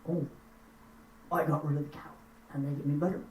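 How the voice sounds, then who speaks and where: A grouchy little bearded barn gnome mutters and grumbles, his voice pitched lower and gruffer than a plain speaking voice, as a woman storyteller puts him on. The sound is roomy and comes from some distance off the mic. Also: little pitch movement, a little fast, warm tone, slight background noise, close to an everyday voice. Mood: delighted. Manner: muttering, grumbling, greedy for butter.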